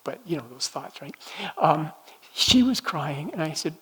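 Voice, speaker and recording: A man leading a church prophetic training night, telling personal stories in a gentle, conversational way with halting restarts. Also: a little high, sing-song, slightly rough, poor audio. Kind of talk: teaching talk with personal storytelling. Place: church meeting room.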